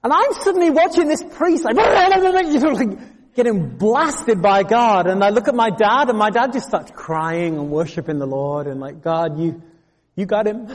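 A man preaching a sermon, telling a story with humor and lively asides to the congregation. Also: sits high, normal speed, hardly any pauses, a little hiss or hum. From England. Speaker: pastor. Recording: long reverb of a large hall.

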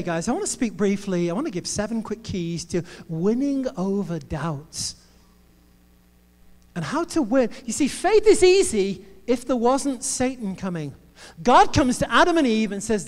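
A male preacher delivers his sermon in a playful, joking way. His voice sits very high, and the sound comes with a long reverb from a large hall. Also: big pitch swings, normal speed, darkish tone. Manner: playful, jokey storytelling.

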